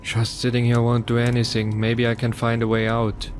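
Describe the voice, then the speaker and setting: A man's voice: mid-range voice, monotone, normal speed, a little hiss or hum, natural voice. A man voicing a restless, desperate young man trapped in a horror story, speaking earnestly.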